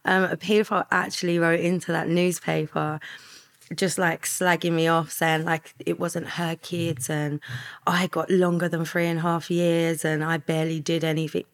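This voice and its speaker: Woman, low pitch, creaky fry, earnest, soft-spoken, podcast guest. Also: little pitch movement, normal speed. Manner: earnest, soft-spoken, trails off into quiet asides. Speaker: interview guest. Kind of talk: candid podcast interview.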